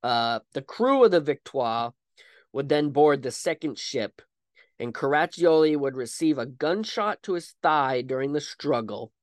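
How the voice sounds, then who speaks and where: A man's voice: fairly high pitch, no room sound, clean studio sound. A man hosting a podcast, telling a history story in a chatty, casual way with frequent asides. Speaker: podcast host.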